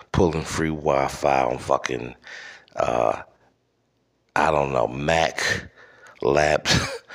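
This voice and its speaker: Brief: deep-voiced male host, slow and rambling, cursing through a comic monologue. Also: a bit bright. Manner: rambling, profane, halting. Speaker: podcast host. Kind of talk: comedic solo rant.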